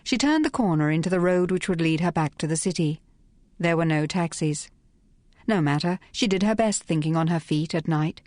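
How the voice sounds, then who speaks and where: Woman audiobook narrator, lower voice, brisk and wry, dry studio sound. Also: darkish tone, no echo. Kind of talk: scripted narration.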